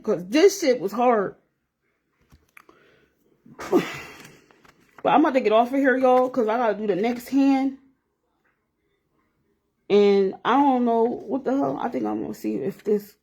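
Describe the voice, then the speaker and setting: A woman's voice: fairly high pitch, warm tone, husky. A woman in her forties chatting candidly to viewers on a livestream while doing her nails. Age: 40s. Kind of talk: casual chat on a livestream.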